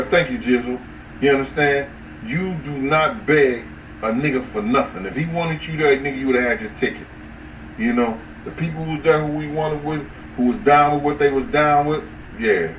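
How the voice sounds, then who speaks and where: A man hosting a casual livestream, talking loosely and profanely to his chat, with sudden high-pitched outbursts. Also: normal speed, fairly bright tone, far from the mic. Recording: roomy echo, off-mic, faint ambient noise.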